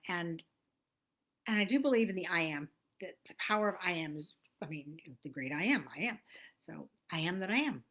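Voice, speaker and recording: A woman's voice: low voice, fairly bright tone. A woman, host of a casual motivational vlog, talking in a chatty, meandering way and often correcting herself. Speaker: host, abundance coach.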